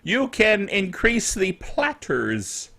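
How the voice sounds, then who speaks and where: A man's voice: high-pitched, huge pitch swings, takes it slowly, creaky, bright, forceful tone. A man hosting a casual tech netcast, chatty and rambling, often chuckling at his own asides. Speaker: tech show host.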